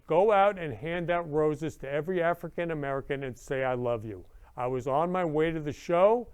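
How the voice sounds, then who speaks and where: A man's voice: on the high side, darkish tone, smooth. A man hosting his own talk show, speaking in an effusive, emotional way and repeating words of love. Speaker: show host. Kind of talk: emotional casual monologue.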